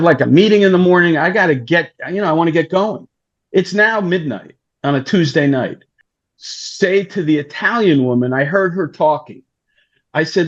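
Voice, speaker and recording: A man's voice: fairly high pitch, lo-fi sound. A man telling a long anecdote in a casual interview, acting out the voices of the people in it. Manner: animated, acts out quoted voices. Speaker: guest storyteller, talent manager.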